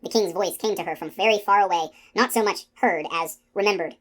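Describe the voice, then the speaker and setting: A woman reading a fantasy novel aloud in a soft, hushed storytelling manner. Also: mid-range voice, brisk. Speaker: audiobook reader. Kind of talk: audiobook narration.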